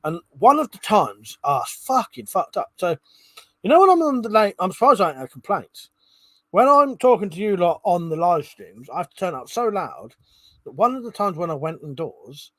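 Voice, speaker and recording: Drunk streamer, rambly and sweary, slightly high voice, dry room. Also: male voice, fairly bright tone, no room sound. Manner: rambling, swears a lot, laughs often. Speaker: live stream host. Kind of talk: casual live stream chat. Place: indoors at home.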